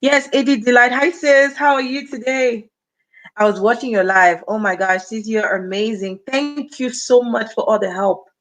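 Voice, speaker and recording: Cameroonian woman, 30s, livestream host, chatty and direct with viewers, slightly high voice. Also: steady tone, moderate pace, a bit bright, low-quality recording. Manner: chatty, addresses viewers directly and reads out comments. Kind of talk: casual livestream chat.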